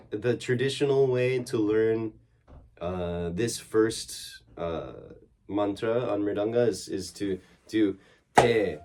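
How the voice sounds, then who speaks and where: A man giving a relaxed one-on-one drum lesson, explaining strokes in halting phrases and singing out the drum syllables. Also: fairly low pitch. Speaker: drum teacher. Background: drumming.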